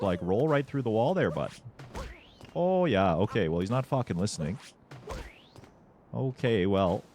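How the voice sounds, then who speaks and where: A man's voice: on the low side, a little hiss or hum, natural voice. A man putting on an exaggerated Canadian accent as a brash, swearing guy who keeps adding "eh" and "bud". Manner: loud, cocky, tacks on "eh" and "bud". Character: brash swearing Canadian dude, male adult. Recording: faint game music behind.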